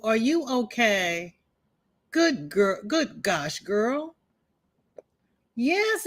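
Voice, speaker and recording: A woman's voice: medium pitch, fairly bright tone. A woman hosting a crochet livestream, chatting casually and greeting viewers by name, with folksy exclamations.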